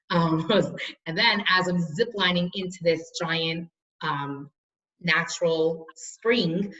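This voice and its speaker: A woman's voice: low voice, fairly bright tone, far from the mic, muffled recording. A woman in her thirties teaching a study class, chatty and storytelling with frequent restarts.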